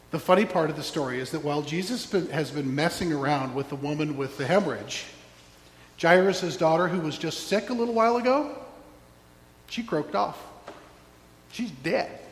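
A man's voice: fairly high pitch, normal speed, pauses often. A man preaching a sermon, telling a story and acting out the voices in it, with wry asides. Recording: roomy hall with long echo, faint hum.

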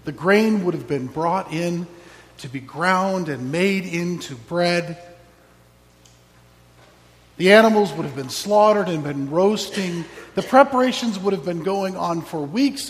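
Slow-preaching pastor in echoing church. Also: male voice, sits high, expressive. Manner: slow, reflective, wry asides. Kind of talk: sermon.

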